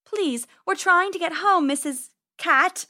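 A woman's voice: very high voice, slow, no room sound, studio quality, voice pushed up, heavily acted. Woman doing a plucky storybook bunny sister, bossy and urgent. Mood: polite. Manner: bright, urgent, commanding. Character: brave, bossy young female rabbit, big sister.

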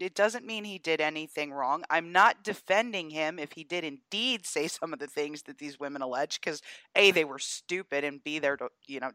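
A woman from Georgia co-hosting a podcast, chatting about the news in an animated way and laughing as she talks. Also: deep voice, no echo. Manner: animated, laughs while talking. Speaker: podcast co-host. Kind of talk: casual political chat.

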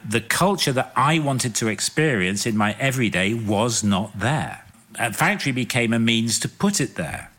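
A man's voice: medium pitch, expressive, moderate pace, fairly bright tone. A man, speaking at length in an interview in an articulate, expansive and reflective way.

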